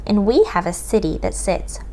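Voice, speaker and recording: An American woman tutoring children through a map lesson, in a slow sing-song manner that sometimes drops to a whisper. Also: medium pitch, lively intonation, warm tone, a little hiss or hum. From United States. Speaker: homeschool tutor teaching children.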